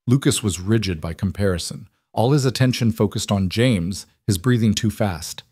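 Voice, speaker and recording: Low-voiced male story narrator. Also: moderate pace, breathy edge, no room sound, clean studio sound. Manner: even, steady storytelling.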